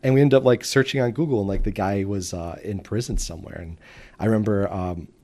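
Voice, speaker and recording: A man's voice: lowish voice, brisk. A man from the Detroit suburbs of Michigan, around forty, telling business stories as a guest in a casual interview, acting out the people he quotes. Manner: animated storyteller who acts out quoted voices. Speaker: guest entrepreneur.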